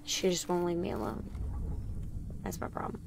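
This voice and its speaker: A woman's voice: lowish voice, expressive, normal speed, creaky, noisy background. A woman streaming a game, chatting casually with viewers and often voicing exasperation at the game. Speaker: gaming streamer. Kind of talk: casual live gameplay commentary.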